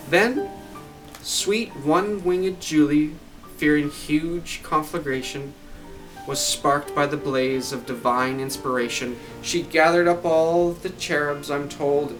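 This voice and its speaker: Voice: mid-range voice, rough recording. Storyteller reciting holiday verse over guitar. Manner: measured storybook cadence. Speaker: poem reader. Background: guitar music.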